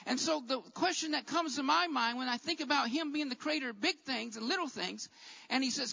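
A man preaching a sermon as a Bible teacher, with an emphatic, repetitive cadence that rises to shouts. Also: very high-pitched, brisk, vocal fry, big-room sound, dull audio.

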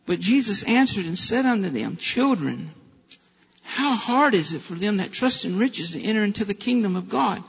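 Brief: male pastor, impassioned preacher, high gravelly voice, bright edge, long church reverb, dull lo-fi recording. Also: animated, normal speed. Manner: impassioned preaching with rhetorical questions. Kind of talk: sermon.

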